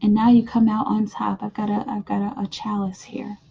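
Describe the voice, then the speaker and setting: A woman's voice: medium pitch, level tone, a little fast, creaky, mellow, slightly rough, highs cut off. Chatty woman giving a card reading. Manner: chatty, addresses viewers as "you guys", many fillers. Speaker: tarot card reader. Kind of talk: casual oracle card reading vlog.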